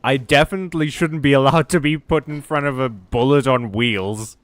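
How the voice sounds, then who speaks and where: A man's voice: medium pitch, moderate pace, no room sound. A man streaming a video game, chatting casually in a rambling, self-deprecating way and swearing freely. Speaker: VTuber streamer. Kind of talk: casual gaming stream chat.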